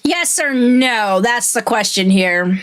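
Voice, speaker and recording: A woman's voice: fairly high pitch, animated, takes it slowly, a bit bright. A woman giving casual, profane commentary while playing a horror game. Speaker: gaming streamer. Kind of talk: game let's play commentary.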